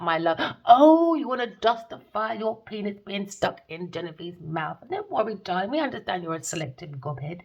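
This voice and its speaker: A woman deals her tarot reading as a bitter rant, sarcastic and scornful. She swears freely and drips "darling" with contempt, with her pitch sitting in an ordinary middle range. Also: very animated, normal speed, few pauses, darkish tone, lo-fi sound. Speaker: tarot reader.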